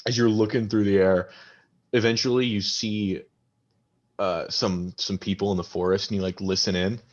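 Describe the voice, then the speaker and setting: A man running a tabletop game as game master, narrating casually and haltingly, with lots of ums and likes. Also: fairly low pitch, flat delivery, lo-fi sound.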